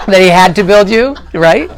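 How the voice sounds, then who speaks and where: Animated motivational speaker, man. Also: sits high. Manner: animated and earnest, acts out quotes. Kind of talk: motivational talk to a live audience.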